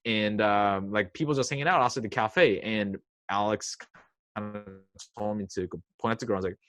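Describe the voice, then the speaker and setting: A man's voice: lowish voice, fairly quick, fairly bright tone. A young man telling a story as a podcast guest, chatty and self-mocking, with lots of fillers and acted-out quotes. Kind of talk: casual storytelling.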